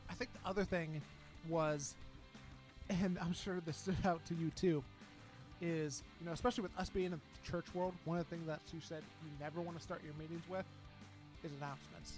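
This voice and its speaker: A man with a fairly high voice co-hosts a podcast, earnest and plain-spoken with many fillers. Music plays clearly behind him. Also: steady tone, brisk. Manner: earnest, simple phrasing with fillers. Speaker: podcast co-host. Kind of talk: casual podcast chat.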